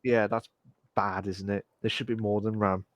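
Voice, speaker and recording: A man's voice: fairly low pitch, little pitch movement, moderate pace, no echo, muffled recording. A man co-hosting a casual gaming podcast, reading out chat messages and talking with hesitant fillers. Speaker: podcast co-host.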